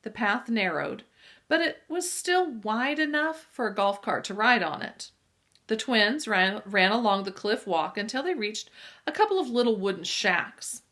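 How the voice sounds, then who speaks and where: A woman reading a children's adventure novel aloud with lively storytelling and occasional asides to listeners. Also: fairly high pitch. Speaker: reader.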